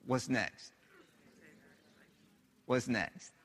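A man's voice: mid-range voice, very slow, a bit bright, breathy edge, big-room sound. A man preaching a sermon as pastor, emphatic and repetitive, putting questions to his listeners. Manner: emphatic, repeats phrases, asks the audience questions.

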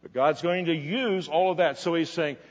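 A pastor preaching a sermon, animated and emphatic at times, dropping to quiet asides at others. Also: male voice, fairly high pitch, moderate pace. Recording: dull lo-fi recording in a reverberant hall.

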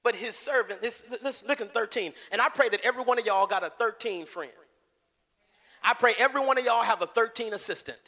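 A man preaches a fervent, animated sermon in a very high, bright voice. He drives his points home by repeating phrases. The long reverb of a church follows him. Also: fairly quick.

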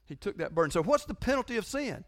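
A man's voice: high voice, very animated, quick pace. A man preaches a sermon. He talks conversationally, presses key points hard and repeats phrases for emphasis. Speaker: pastor.

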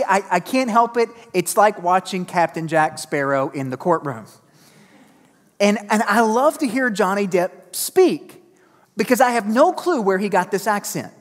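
A male pastor delivers a fired-up sermon, driving points home through repetition and breaking off for self-mocking asides. His voice rings out with the long reverb of a church hall. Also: sits high. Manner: energetic, emphatic repetition with self-deprecating asides. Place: church sanctuary.

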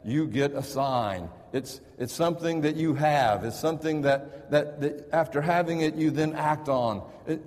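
A man's voice: fairly high pitch, unhurried, few pauses, darkish tone. A man who is a pastor, preaching a sermon in a conversational storytelling manner and often restarting his sentences. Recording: reverberant hall.

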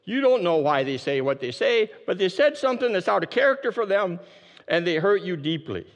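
A man preaching a sermon, emphatic and repeating his key phrases, dropping his voice low to stress a point. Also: big pitch swings, brisk, long reverb tail, dull audio. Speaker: pastor.

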